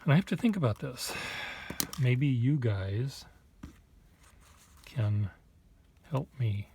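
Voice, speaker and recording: A man vlogging casually, thinking aloud in a halting, self-deprecating way, with muttered asides. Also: mid-range voice, lively intonation, dark tone, slight background noise.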